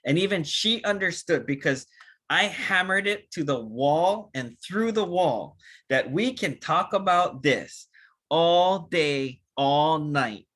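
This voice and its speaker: A man giving an energetic, animated training talk on a video call, acting out short dialogues with big jumps in pitch. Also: slow pace. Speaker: network marketing trainer.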